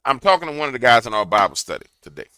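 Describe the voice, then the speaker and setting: A man's voice: mid-range voice, very animated, racing, pushed and bright, clean tone, no echo. A man giving a preachy political commentary to a camera, telling a fiery story. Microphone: camera mic.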